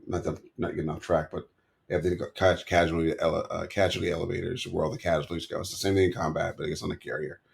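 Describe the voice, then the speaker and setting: A man's voice: low-pitched, vocal fry, darkish tone. A middle-aged man telling rambling, self-correcting stories as a podcast guest. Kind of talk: storytelling in an interview.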